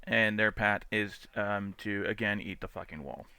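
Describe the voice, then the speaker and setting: A man gives casual live-stream commentary on dash cam clips, chatting away, laughing often, cursing freely and imitating angry drivers. His lowish voice is bright and forceful, with fairly even intonation, a moderate pace and a touch of hiss or hum.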